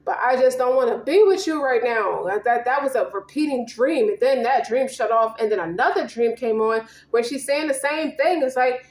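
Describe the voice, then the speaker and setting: A woman's voice: a little high, moderate pace, few pauses, echoey room. Slangy, swearing woman reading tarot. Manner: slangy, profane, emphatic, rambling. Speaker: tarot reader. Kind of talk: casual tarot reading monologue.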